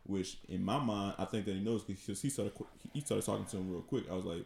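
A man telling a story on a podcast in a halting, casual way, often repeating words. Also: fairly low pitch, vocal fry, a little mellow. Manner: halting, repeats words, laughs between lines. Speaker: podcast co-host. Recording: echoey room.

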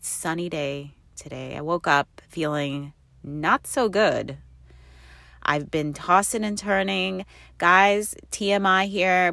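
A middle-aged woman with a low voice chats her way through a casual podcast episode. She rambles cheerfully from one story to the next, leaning on "like" as she goes. She records from inside a parked car, and the sound is close and dry. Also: gravelly, bright, forceful tone, no echo. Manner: rambling, upbeat storytelling with many "like" fillers. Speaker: podcast host. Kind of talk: casual chatty podcast monologue.

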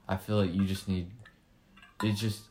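A young man with a notably deep, low voice talks loosely with a friend on their homemade podcast. He circles around his points, restarting sentences and leaning on fillers as he goes. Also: flat delivery, moderate pace, warm tone, slight background noise. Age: young adult. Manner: rambling, many restarts and fillers. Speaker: podcast co-host. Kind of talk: casual chat.

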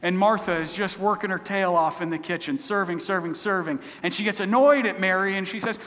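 A man's voice: high-pitched, a little fast, fairly bright tone. A man preaching a sermon, retelling stories in a conversational, storytelling way. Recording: long hall reverb.

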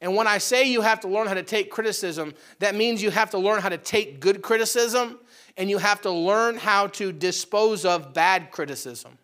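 Male pastor, high and bright-toned, conversational sermon delivery, animated with sudden loud and soft swings. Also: moderate pace. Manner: animated, swings between loud outbursts and quiet asides; conversational preaching, addresses the congregation directly.

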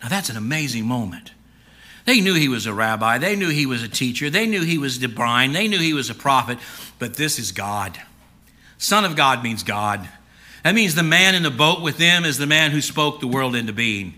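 A man preaching a sermon, swinging between loud emphatic lines and hushed near-whispers, and acting out a frightened Peter in the first person. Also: mid-range voice, big pitch swings, normal speed. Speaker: pastor.

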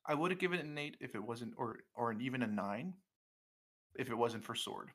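Man, podcast host, loose, swears, laughs easily, bright voice, middle pitch. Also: expressive, brisk. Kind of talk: casual comedy chat.

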